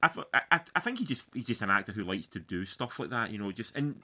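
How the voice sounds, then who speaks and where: Male podcast co-host, rapid bright delivery, opinionated film chat. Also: on the low side, big pitch swings. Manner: fast, opinionated, stumbling restarts. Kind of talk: casual film review chat.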